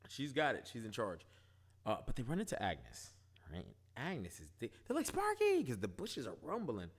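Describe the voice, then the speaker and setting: A man casually recapping and reviewing a TV episode, animated, asking "right?" often. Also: on the low side, moderate pace, husky. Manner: animated, retells scenes, quotes characters, frequent "right?". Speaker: show reviewer.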